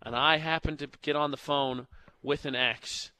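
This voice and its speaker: A man's voice: on the high side, fairly even intonation, normal speed, sharp tone, smooth. A young man hosting a morning radio show, telling stories in a joking, chatty way from the studio. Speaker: radio host. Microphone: studio mic.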